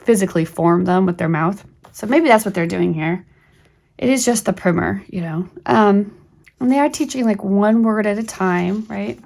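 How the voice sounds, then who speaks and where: Gravelly-voiced woman homeschool host, rambling. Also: medium pitch, a little mellow. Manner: rambling, with frequent fillers and restarts. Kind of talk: casual talk-through of a reading primer.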